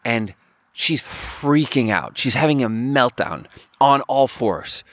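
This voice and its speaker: A man hosting a podcast, telling a funny travel story in a rambling, animated way and laughing at his own punchlines. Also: mid-range voice, slow, no room sound, clean studio sound. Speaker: podcast host. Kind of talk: casual storytelling.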